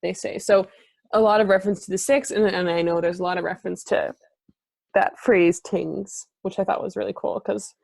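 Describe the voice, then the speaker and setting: A woman's voice: medium pitch, fairly even intonation, normal speed, creaky, a little mellow, no echo. A woman from Alberta with a Canadian accent, hosting a casual chat and laughing often. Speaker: podcast host.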